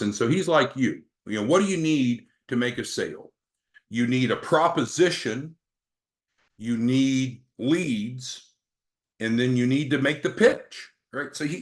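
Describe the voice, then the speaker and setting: A man's voice: medium pitch, fairly bright tone. A man leading a sales training meeting, upbeat, coaching and calling on team members by name.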